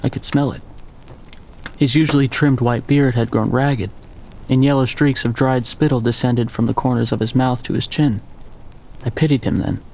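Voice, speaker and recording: A man narrating a first-person story in a steady, measured way. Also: mid-range voice, a little hiss or hum.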